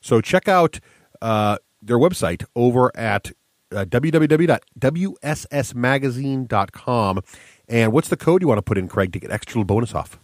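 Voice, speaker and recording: A man's voice: medium pitch, animated, normal speed, no room sound, clean studio sound. Enthusiastic man hosting a podcast. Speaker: podcast host. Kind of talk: casual chat.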